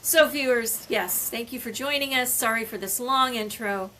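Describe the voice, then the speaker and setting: An older woman co-hosting a casual chat podcast, a lively storyteller who acts out everyday exchanges. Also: a little high, normal speed, a little hiss or hum. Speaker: podcast co-host.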